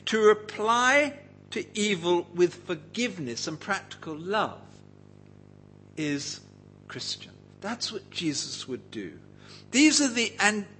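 Male preacher, Bible teaching sermon, slow deliberate delivery, pitch rising and falling a lot, engaging questions to the congregation. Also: pushed and bright, slight background noise, poor audio. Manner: engaging, asks the listeners questions.

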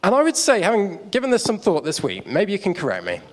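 A man's voice: high-pitched, huge pitch swings, quick pace. A man preaching a sermon on stage, telling a story with props and chatty asides to the audience. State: out of breath. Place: church hall stage. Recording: long hall reverb.

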